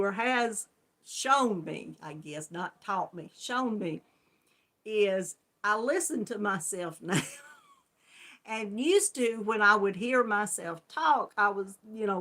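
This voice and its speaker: A woman's voice: medium pitch, sharp tone. A woman with a country Southern Georgia accent, hosting a casual live chat stream, greeting viewers by name and laughing often.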